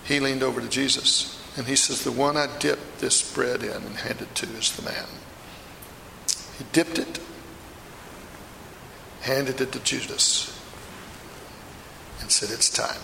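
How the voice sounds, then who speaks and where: A man's voice: medium pitch, fairly even intonation, slow, vocal fry, pauses often, bright, forceful tone, a little hiss or hum, heavily acted. A man performing a first-person dramatic monologue as a remorseful apostle, a middle-aged fisherman telling his story with intense feeling. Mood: earnest. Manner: intense storytelling, swells to anguished outbursts. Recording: echoey hall, long reverb.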